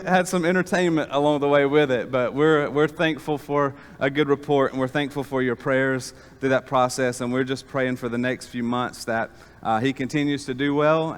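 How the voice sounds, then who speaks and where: A man's voice: medium pitch, clear, resonant tone. Man preaching in a reverberant church. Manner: folksy storytelling with many fillers. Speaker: pastor. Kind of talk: sermon. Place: church sanctuary. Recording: long reverb of a church hall.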